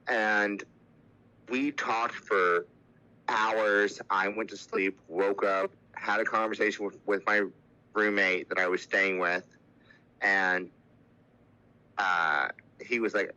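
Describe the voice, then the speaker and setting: A man's voice: fairly low pitch, steady tone, slow, pauses often, bright, forceful tone, rough recording. A man speaking as a podcast guest, telling a personal story in casual, candid talk, with lots of "like" and "you know".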